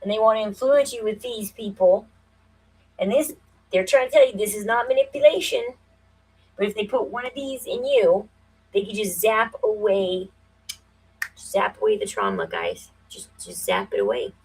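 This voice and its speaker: A woman in her forties hosting a casual livestream, thinking aloud with many fillers and breaking into quick, emphatic, conspiratorial bursts. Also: mid-range voice, animated, a little mellow, husky, poor audio. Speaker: livestream host.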